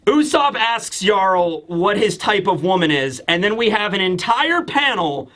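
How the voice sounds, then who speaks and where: Male YouTube manga reviewer, high and bright, animated and rambling. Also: measured pace. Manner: animated, rambling, talks straight to viewers. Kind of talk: casual video review commentary.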